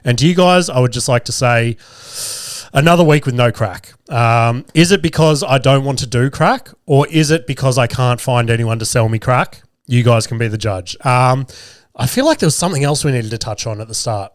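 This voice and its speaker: A man's voice: medium pitch, moderate pace, dry recording, clean studio sound. Profane, rambling male podcast host. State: getting over a cold, a bit nasal. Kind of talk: casual comedic podcast chat.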